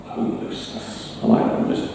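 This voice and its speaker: A man's voice: moderate pace, warm tone, recorded from a distance, a little hiss or hum. A middle-aged man from Northeast England with a mild northern accent, giving a wry, self-deprecating talk to a live audience. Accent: mild northern English. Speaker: storytelling speaker. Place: bar. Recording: roomy bar sound from afar.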